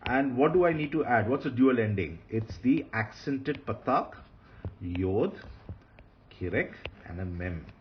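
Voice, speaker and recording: A man teaching Hebrew grammar in a recorded lecture, patient, repeating key points and often pausing with fillers. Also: medium pitch, animated, dull audio, slight background noise.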